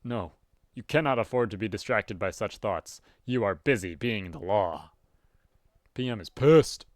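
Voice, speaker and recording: Man reading aloud, lively and low. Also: unhurried, no echo, clean studio sound. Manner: reads narration evenly, with sudden loud animated outbursts. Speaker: webcomic reader. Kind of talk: casual read-aloud with commentary.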